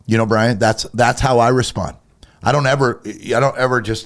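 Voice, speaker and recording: A man's voice: mid-range voice, fairly even intonation, moderate pace. A man co-hosting a Christian talk show, getting heated and emphatic as he acts out little quoted conversations. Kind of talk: casual faith talk, preachy.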